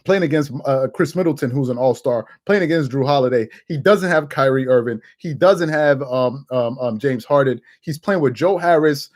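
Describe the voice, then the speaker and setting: A man hosting a casual sports commentary show, animated and laughing, with quick restarts. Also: a little high. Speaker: host.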